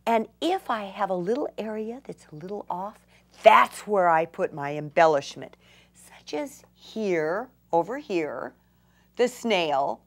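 Slow, enthusiastic older woman teaching crafts. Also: mid-range voice. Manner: enthusiastic, gushing, drops to whispers in delight. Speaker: craft instructor. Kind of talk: craft demonstration.

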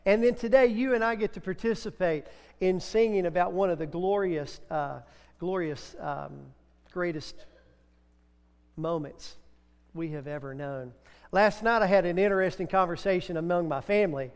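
A man's voice: high voice, normal speed, smooth, big-room sound. A middle-aged man preaching a sermon in a church, telling chatty stories and sometimes breaking into a few sung lines. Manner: chatty storytelling, breaks into song. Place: church sanctuary.

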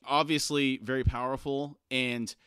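A man co-hosting a podcast about a book, reading passages aloud and discussing them in a steady, conversational way. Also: mid-range voice, measured pace, smooth, no echo, studio quality.

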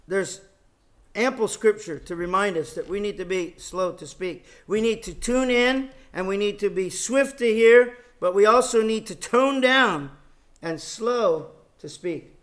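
A middle-aged man giving a Bible lecture, speaking in a measured way and repeating key phrases for emphasis. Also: high-pitched. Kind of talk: sermon.

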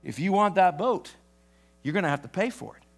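Man playing a stingy store owner, brusque, fast, gruff. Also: sits high, sing-song, full character voice. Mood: stern. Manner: brusque, quick.

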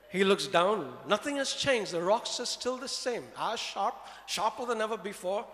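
Animated male preacher in an echoey church. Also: high voice, normal speed, hardly any pauses. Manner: animated, rhetorical questions to the congregation. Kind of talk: sermon.

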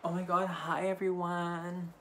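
A man's voice: high-pitched, completely flat delivery, measured pace, sharp tone, a little hiss or hum. A young man hosting a casual shopping haul vlog while tipsy, talking in a campy, profane and rambling way. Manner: rambling, offhand delivery. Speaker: haul vlogger.

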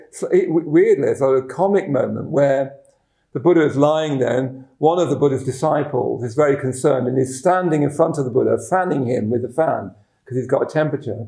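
A middle-aged man, a Buddhist teacher telling a story in a dharma talk, halting and repeating words, chuckling at his own stories. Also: medium pitch, vocal fry, mellow. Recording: roomy echoing room.

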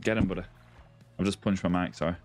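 A man's voice: sits low, fairly even intonation, fast, soft background music. A young man on a live game stream, chatting casually and greeting viewers by name as mate and buddy.

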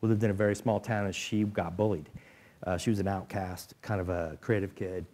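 A man's voice: sits low, fairly even intonation, brisk, a little mellow. A man in his fifties, a marketing executive telling stories as the guest of an onstage interview, talking casually and acting out dialogue.

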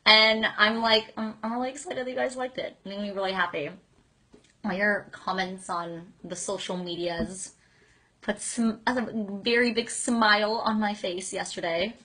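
A woman's voice: mid-range voice, steady tone, moderate pace, bright, forceful tone. A young woman hosting a casual live stream chat, reading fan comments aloud in a bubbly, giggly, gushing way with lots of "like" fillers.

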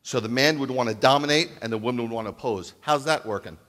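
A man in his fifties preaching as a rabbi, telling stories with jokes and acting out the dialogue in an animated sermon. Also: medium pitch, fast. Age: 50s. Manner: animated, jokey, acts out quoted dialogue. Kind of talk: humorous storytelling sermon.

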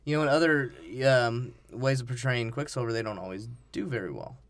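A man co-hosting a podcast, chatting casually about a movie, jokey and quick to mimic characters. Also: mid-range voice, fairly bright tone, dry recording. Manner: chatty, jokey, acts out quotes. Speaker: podcast co-host.

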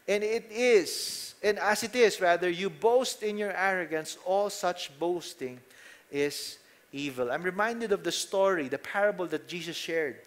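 A man with a Filipino accent preaching a sermon, telling stories casually and asking the congregation rhetorical questions. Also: high-pitched. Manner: conversational storytelling, mixing in Tagalog phrases. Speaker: pastor.

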